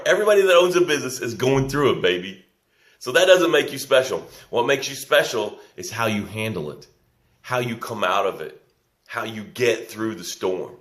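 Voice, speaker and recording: A man's voice: mid-range voice, expressive, moderate pace, fairly bright tone. A man hosting a live business coaching broadcast, reading out viewer comments and encouraging them with folksy repetition. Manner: encouraging, folksy, repeats key lines for emphasis. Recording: echoey room.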